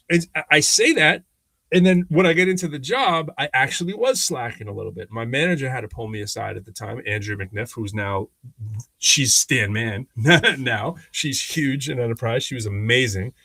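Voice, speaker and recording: A man's voice: medium pitch, vocal fry, husky, no room sound. Dry-sounding man telling stories animatedly. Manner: animated, acts out quoted people in changing voices; rambling with frequent restarts and fillers. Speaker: podcast co-host. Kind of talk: casual conversational storytelling.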